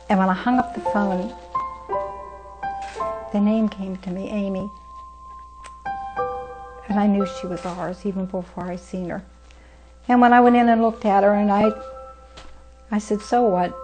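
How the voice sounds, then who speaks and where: An older woman tells her family's story in a documentary interview, speaking plainly and acting out what each person said. Her voice sits at an average pitch, and her grammar is folksy and homespun. A clear music bed plays under her words. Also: low-quality recording. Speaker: foster mother telling her story.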